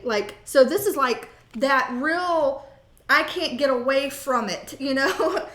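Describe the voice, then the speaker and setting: High-pitched woman doing a live tarot read, jokey and rambling, curses a lot, echoey room. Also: normal speed, fairly bright tone. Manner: chatty, profane, jokey, rambling. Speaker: tarot reader. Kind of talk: casual live tarot reading.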